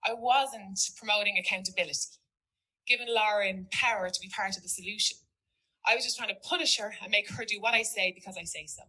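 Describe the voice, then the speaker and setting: A teacher speaking to an audience, telling a story in an earnest, reflective way. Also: female voice, medium pitch, sharp tone, rough recording. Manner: earnest, reflective, quotes a student in dialogue. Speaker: teacher giving a talk.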